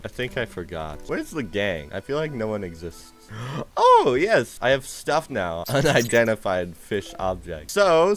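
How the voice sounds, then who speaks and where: A young man streaming a game, talking in a casual, playful way while sounding a little tired. His voice swings wildly from squeaky highs down to low mutters, full of gasps and laughter. Faint music plays behind him. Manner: excitable, playful, frequent gasps and laughs, jumps between loud squeals and mumbling. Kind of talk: casual live game commentary.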